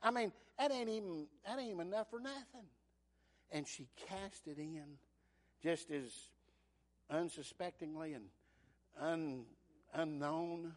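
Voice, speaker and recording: A man preaching a fervent sermon, surging loud and then dropping soft. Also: a little high, measured pace, pauses often.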